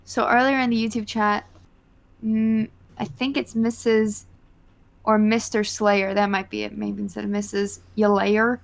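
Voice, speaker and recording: A woman's voice: mid-range voice, level tone, a little slow, gravelly, low-quality recording. A woman with a Southern US accent, chatting casually as a co-host on a livestream podcast and reading out lists of names.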